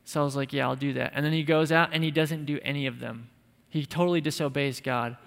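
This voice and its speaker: A male pastor preaches in an emphatic, conversational way with light humor. His voice sits slightly high. A long church-hall reverb trails his words. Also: fairly even intonation, a little fast, fairly bright tone. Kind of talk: sermon.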